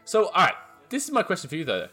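Young Aussie male co-host, very expressive pitch, swears casually. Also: fast talker, soft background music. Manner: animated, swearing, teasing. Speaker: podcast co-host. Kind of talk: casual chat.

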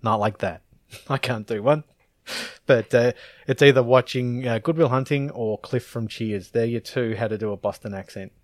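A man's voice: mid-range voice, normal speed, no echo, studio quality. A man, co-hosting a podcast in casual chat and rambling through laughing anecdotes. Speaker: podcast co-host.

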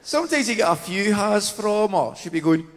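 A man's voice: sits high, very animated, moderate pace. A man with a Glaswegian accent doing chatty, self-mocking live stand-up on a theatre stage. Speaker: stand-up comedian. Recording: reverberant live theatre, faint noise.

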